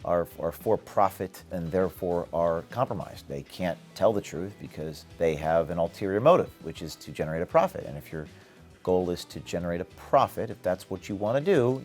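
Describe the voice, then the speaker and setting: Deep-voiced man answering interview questions. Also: lively intonation, a little fast, a little mellow, soft background music. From United States. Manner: emphatic, blunt, with short laughs. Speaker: interview guest, activist. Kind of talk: quick-fire interview answers.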